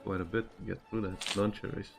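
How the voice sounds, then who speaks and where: A man's voice: fairly low pitch, little pitch movement, fast talker, vocal fry, soft background music. A man playing in a tabletop game, joking casually and hesitating often. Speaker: player.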